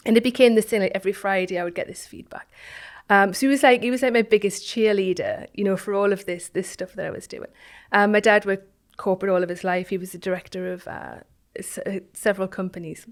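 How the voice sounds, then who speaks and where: A woman, a guest telling a personal story in an interview, reflective and halting, with many restarts and phrases that trail off softly. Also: mid-range voice, steady tone. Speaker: guest, founder of an online business community.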